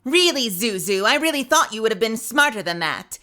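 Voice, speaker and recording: A woman's voice: a little high, very animated, fairly quick, pushed and bright, voice pushed up. A woman voicing a cold, condescending teenage princess from a cartoon, speaking in a patronizing sneer.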